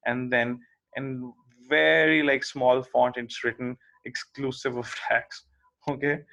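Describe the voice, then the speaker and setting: A man's voice: mid-range voice, level tone, slow pace, creaky, pushed and bright, low-quality recording. A man lecturing on logic in a plain explanatory way, often checking in with the listener. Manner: explanatory, checks in with "okay?" and "right?".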